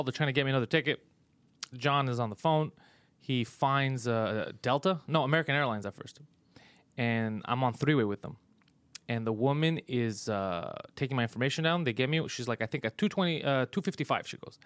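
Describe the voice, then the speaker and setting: Speaking at a fairly quick clip, a medium-pitched man with a clean tone hosts a comedy podcast, with no room sound in the recording. He spins a frustrating tale full of profanity, exasperation and frequent laughter in a casual, storytelling mode.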